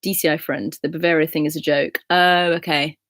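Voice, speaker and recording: A woman in her twenties with an English accent, hosting a casual live chat and answering viewers' comments in a relaxed, friendly way. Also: deep voice, fairly quick, dry recording, studio quality. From England. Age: 20s. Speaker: livestream host.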